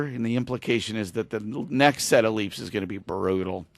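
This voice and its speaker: A man's voice: mid-range voice, moderate pace, no echo. A man on a podcast retelling a TV episode in casual chat, acting out the dialogue and getting emotional. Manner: animated storyteller, acts out dialogue, gets emotional. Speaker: podcast host.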